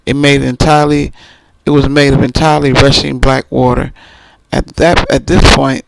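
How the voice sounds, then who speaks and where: A man's voice: medium pitch, level tone, moderate pace, gravelly, a little hiss or hum, rough recording. A man reviewing a book, casually retelling its plot in detail and often restarting his phrases.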